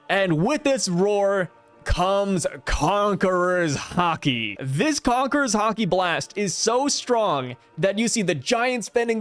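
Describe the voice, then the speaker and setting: A young man hosting a casual video review, chatty and excitable, often stumbling over restarts as he talks. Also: high voice. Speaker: YouTube host reviewing a manga chapter.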